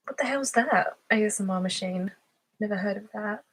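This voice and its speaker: A woman's voice: medium pitch, moderate pace, a bit bright, husky. Giggly woman hosting a live stream. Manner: chatty and giggly, laughs often. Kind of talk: casual live-stream chat, reading viewer comments.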